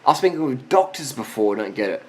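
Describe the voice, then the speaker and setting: A man's voice: medium pitch, very animated, brisk, a little mellow. A man of forty giving blunt, profane answers to viewer questions in a casual monologue, worn out after a long ride. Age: 40s.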